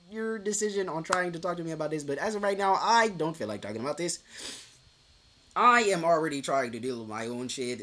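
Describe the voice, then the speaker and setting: Young guy venting about his breakup, cusses constantly, trips over his words, voice jumps all over, bright edge. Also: high-pitched. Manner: swears a lot, jumps between laughing and near tears; restarts and stammers often. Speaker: vlogger. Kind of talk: casual rant to camera.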